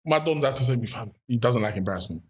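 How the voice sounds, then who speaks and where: A young man with a London accent tells a story in lively, casual chat. He swings his pitch up sharply whenever he acts out what someone said, then drops back to an easy, conversational tone. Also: very fast. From London, England. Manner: lively, acts out quoted voices with big pitch jumps. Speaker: guest telling a business story.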